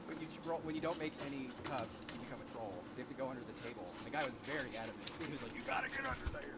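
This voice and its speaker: A man's voice: medium pitch, very fast, heavy background noise. A man in casual chat, telling a story as co-host.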